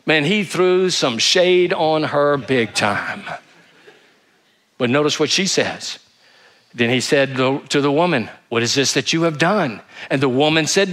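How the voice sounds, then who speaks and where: A man's voice: high voice, very animated, normal speed, a bit bright. A male pastor preaching a sermon, emphatic, asking rhetorical questions and reading scripture aloud.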